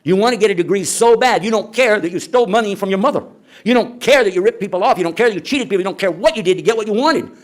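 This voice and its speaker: A man's voice: high voice, rapid-fire. A man lecturing at a conference in a conversational way, asking the audience rhetorical questions. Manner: acts out quoted speakers. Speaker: Islamic lecturer.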